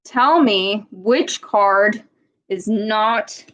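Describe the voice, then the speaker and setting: On a low-quality recording, a woman with a mid-range voice reads a storybook to children and leads a speech lesson. She models sounds slowly and patiently, with exaggerated emphasis.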